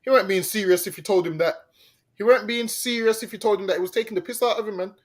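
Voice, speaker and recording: High-voiced mocking man on a podcast. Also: racing. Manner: mocking, laughing, slangy, tags "man". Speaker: podcast co-host. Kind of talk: casual chat.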